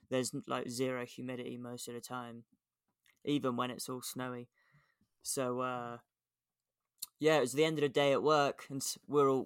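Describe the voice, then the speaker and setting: Pria santai beraksen Inggris. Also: male voice, medium pitch, fairly bright tone, smooth, dry recording, studio quality. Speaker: podcast co-host. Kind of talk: casual chat.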